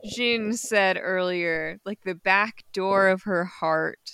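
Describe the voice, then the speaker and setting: A woman's voice: medium pitch, takes it slowly, fairly bright tone, slight background noise. A woman co-hosting a podcast, recapping a comic in casual chat with unsure asides and easy laughs. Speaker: podcast co-host.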